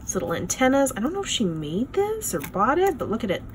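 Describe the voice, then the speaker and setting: A young woman hosting a casual craft unboxing, gushing and excitable as she shows each piece. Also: fairly high pitch, quick pace, noisy background. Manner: gushing, excitable, lots of "oh my gosh" and "you guys". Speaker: craft channel host. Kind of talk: casual unboxing show-and-tell.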